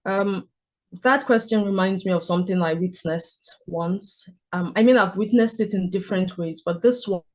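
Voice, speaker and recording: A woman, an author telling stories in a measured, reflective way during a book club discussion. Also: medium pitch, darkish tone. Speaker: author and guest.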